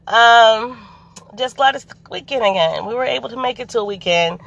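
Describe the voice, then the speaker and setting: A woman's voice: on the high side, normal speed, vocal fry, dull audio. Chatty mother telling a story. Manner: chatty, animated, lots of "you know". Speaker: vlogger. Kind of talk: casual storytelling to camera.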